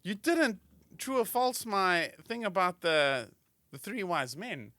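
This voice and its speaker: A man co-hosting a comedy podcast, joking and animated in loose banter. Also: high-pitched, takes it slowly, dry recording. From South Africa. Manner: animated, joking, slips into silly voices. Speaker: podcast co-host.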